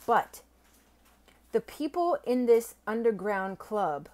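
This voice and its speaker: Gushing, excitable young woman vlogger. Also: a little high, takes it slowly. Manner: gushing, excitable, stammers and swears when overwhelmed. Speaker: silver-stacking vlogger. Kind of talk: casual unboxing vlog.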